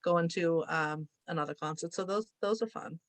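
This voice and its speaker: Podcast co-host, woman, Boston accent, low-ish voice, close dry mic. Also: normal speed, no room sound. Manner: chatty, fillers like "like". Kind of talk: casual chat.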